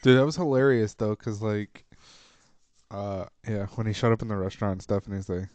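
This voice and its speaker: A man's voice: fairly low pitch, steady tone, brisk, darkish tone, dry recording. Casual, swearing podcast co-host man. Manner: casual, profane, jumps in with scene quotes. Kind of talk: casual pop-culture chat.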